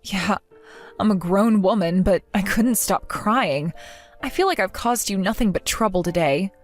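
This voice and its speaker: A woman's voice: medium pitch, unhurried, soft background music, close to an everyday voice. A young woman playing a jilted bride who talks earnestly and with strong emotion. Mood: tearful. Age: young adult. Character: jilted young bride, hurt but determined.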